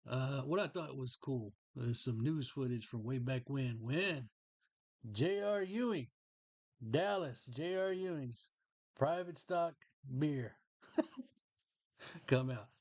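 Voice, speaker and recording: Casting: middle-aged man, folksy rambling podcast host, mid-pitched voice, dry sound. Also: lively intonation, slow, pauses often, a little mellow, no room sound. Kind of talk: casual show-and-tell chat.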